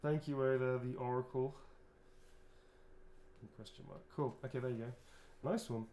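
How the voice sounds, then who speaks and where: A man's voice: mid-range voice, fairly even intonation, normal speed, dark tone, a little hiss or hum. A man, an actor, chatting casually and rambling through a livestream autograph signing, swearing freely as he goes.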